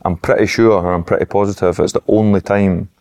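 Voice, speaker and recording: A man's voice: sits low, steady tone, a little fast, darkish tone. A man with a Scottish accent, a former footballer telling rambling stories as a podcast guest. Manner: rambling, anecdotal storytelling. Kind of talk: casual podcast chat.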